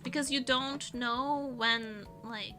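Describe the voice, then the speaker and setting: A young woman streams in an easy, rambling way, often laughing at herself. Her voice sits high and sounds bright and crisp, with faint music playing underneath. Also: fairly even intonation, slow pace. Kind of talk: casual chat.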